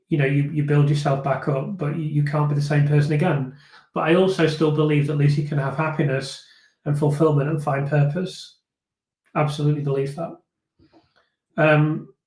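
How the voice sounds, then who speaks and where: A man talks through viewer comments on a live stream in a slightly high voice, pausing often and restarting his sentences. He sounds reflective and earnest. The room around him is noticeably echoey. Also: a little mellow. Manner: thoughtful, hesitant, many fillers and restarts. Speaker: host of a live viewer discussion.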